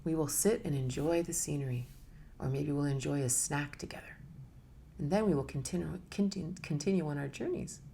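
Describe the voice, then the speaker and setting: A middle-aged woman giving a casual spoken talk as a spiritual teacher, animated and often laughing as she acts out inner voices. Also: sits low, brisk, vocal fry, slight background noise.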